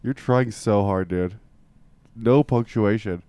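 A man's voice: fairly low pitch, slow, dark tone, clear, resonant tone, no echo. A young man in crude casual banter, joking, swearing and laughing often.

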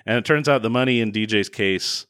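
Male co-host, low voice, sardonic movie-recap chatter. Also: a little fast, a bit bright, clean tone. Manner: sardonic, acts out quoted characters. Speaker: podcast co-host reviewing a film. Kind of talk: casual chat recapping a movie.

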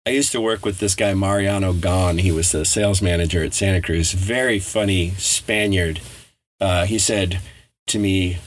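A man's voice: sits low, steady tone, normal speed, slight background noise. A middle-aged man co-hosting a podcast in casual chat, blunt and profane, laughing often. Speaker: podcast co-host.

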